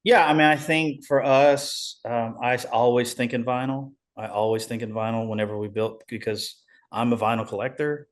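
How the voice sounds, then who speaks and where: A man, a musician guest in a casual interview, talking haltingly with many restarts. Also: mid-range voice, fairly even intonation.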